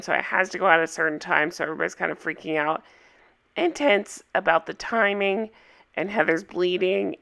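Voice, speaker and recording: A woman recaps a reality series in a casual, opinionated way. Her voice is hoarse from a cold, gravelly with fry and pitched a bit low. She keeps inviting her viewers to weigh in. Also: pushed and bright. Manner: chatty, opinionated, asks viewers for comments.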